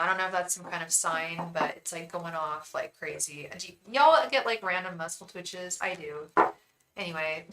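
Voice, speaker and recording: A woman's voice: fairly low pitch, pushed and bright, poor audio. A woman tarot reader chatting casually on a livestream, rambling and talking straight to her viewers.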